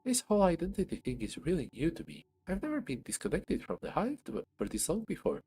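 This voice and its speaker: A man voicing a tiny, friendly ant that speaks as a hive mind, in a squeaky upbeat voice. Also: huge pitch swings, fast talker, warm tone, a little hiss or hum. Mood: chipper.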